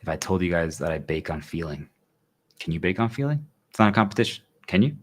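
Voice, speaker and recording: A man's voice: sits low, very animated, fast talker. A man talking casually and earnestly to his viewers, rambling and often asking whether they understand. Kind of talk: casual monologue to an audience.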